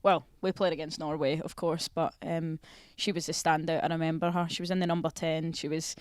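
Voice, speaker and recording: A woman's voice: low voice, flat delivery, a little fast, clear, resonant tone, no echo, studio quality. A young Scottish woman chatting playfully on a podcast, teasing and laughing as a guest. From Scotland. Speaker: footballer guest. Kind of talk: casual podcast chat.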